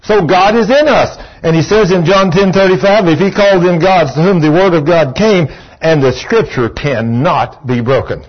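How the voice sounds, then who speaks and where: A man preaches a sermon in a church, his voice pitched a little high. He talks emphatically and repeats himself, slipping into folksy stories. The recording sounds dull and lo-fi. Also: moderate pace. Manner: emphatic, repetitive, folksy storytelling.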